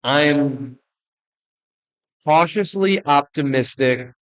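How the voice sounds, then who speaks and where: A young man ranking baseball players in casual commentary, blunt and joking, rambling with restarts and quick apologies. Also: on the high side, rough recording. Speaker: baseball video creator.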